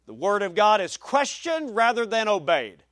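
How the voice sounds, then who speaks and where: Male pastor, higher pitch, emphatic sermon delivery with folksy asides, dry recording. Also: very animated, moderate pace, a bit bright, no echo. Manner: emphatic, varies pace for stress, folksy asides.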